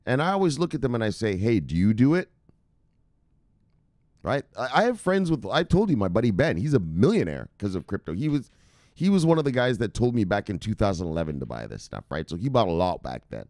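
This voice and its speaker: A man's voice: fairly low pitch, very animated, fairly quick, a little mellow, no room sound, studio quality. Heated, profane man ranting. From Jamaica. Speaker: crypto news channel host. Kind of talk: casual opinion rant to camera.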